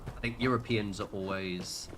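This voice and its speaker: A man's voice: fairly low pitch, fairly even intonation, normal speed, slight background noise. A British man chatting casually while livestreaming a game, rambling and sweary, with lots of fillers and restarts. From United Kingdom. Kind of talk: casual gaming livestream chat.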